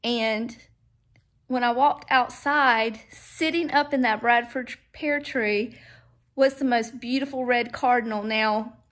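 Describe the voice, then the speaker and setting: A woman with a slightly high voice, talking casually through a home vlog. She is chatty and sentimental, trailing off mid-thought and restarting as she goes. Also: fairly even intonation, takes it slowly, fairly bright tone. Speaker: home vlogger. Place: at home, indoors and out in the yard.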